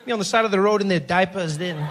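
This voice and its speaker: South African man, stand-up comedy, animated, high voice, light room noise. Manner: animated, swings between characters and loud asides.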